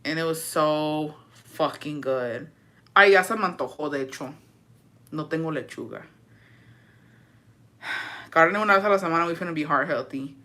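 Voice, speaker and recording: Blunt, sharp-voiced young woman livestreamer. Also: deep voice, moderate pace, long pauses. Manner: blunt, profane, gossipy and dramatic. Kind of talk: casual livestream chat, answering viewer comments.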